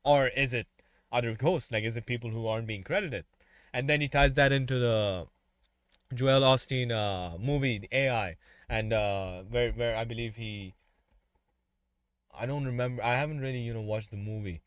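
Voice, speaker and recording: A man's voice: medium pitch, moderate pace, clean tone, no echo, clean studio sound. A man hosting a music reaction, casually breaking down lyrics in loose, run-on asides.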